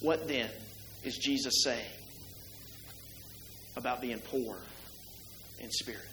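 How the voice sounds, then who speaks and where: A man's voice: medium pitch, slow pace, sharp tone, roomy sound, slight background noise, rough recording. A middle-aged man preaching a sermon to his congregation in a church, talking conversationally and asking the listeners many rhetorical questions. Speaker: pastor. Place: church sanctuary.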